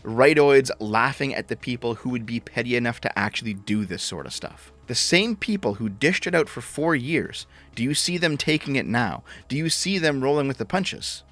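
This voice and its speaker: A man's voice: medium pitch, animated, moderate pace, few pauses, fairly bright tone. A man ranting as a political commentator, sarcastic and mocking, with frequent swearing.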